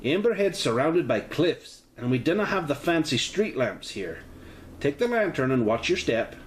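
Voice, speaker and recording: A man's voice: a little high, sing-song, normal speed, echoey room, a little hiss or hum, voice pushed up. A man voicing a chatty, homely middle-aged village landlady with a put-on Irish-Scottish lilt. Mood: cautioning.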